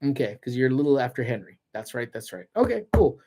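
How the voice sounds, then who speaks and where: A man's voice: mid-range voice, big pitch swings, quick pace, a little mellow. A man hosting a casual live chat, telling stories, laughing often and answering viewer comments. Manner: chatty storyteller, laughs often, reads out comments. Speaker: livestream host. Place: parked car.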